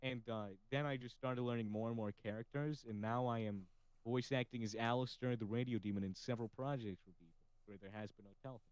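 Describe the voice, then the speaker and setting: A man's voice: mid-range voice, steady tone, fast talker, darkish tone, clear, resonant tone, no echo, low-quality recording. A man hosting a casual podcast chat, with a slightly nasal voice, who talks freely, swears casually and laughs often. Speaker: podcast host.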